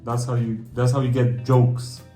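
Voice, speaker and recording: A man from the Balkans with a slight Russian accent, a stand-up comedian chatting as a podcast guest in a quick, animated way. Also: mid-range voice. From Balkans, Eastern Europe. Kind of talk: casual podcast chat. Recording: roomy room with faint music.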